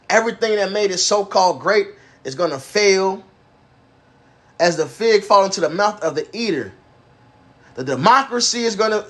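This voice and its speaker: A man's voice: high voice, a bit bright. A man preaching, reading scripture aloud and explaining it in blunt, profane street slang. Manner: profane, emphatic, reads King James verses then explains in slang; acts out a bragging axe in a mocking voice.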